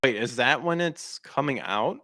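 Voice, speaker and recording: A man's voice: mid-range voice, expressive, unhurried, pushed and bright, dry recording, clean studio sound. A man hosting a podcast, ranting casually and bluntly, swearing often and restarting sentences as he goes. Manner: blunt, frequently swearing, emphatic; restarts and trails off mid-sentence. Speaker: podcast host. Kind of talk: casual opinion rant.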